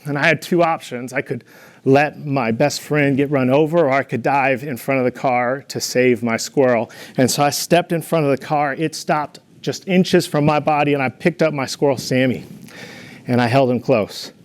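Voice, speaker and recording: A man's voice: medium pitch, moderate pace. A young man giving a devotional talk, telling playful stories with humor and an encouraging, earnest manner. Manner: storytelling with playful humor, animated in anecdotes.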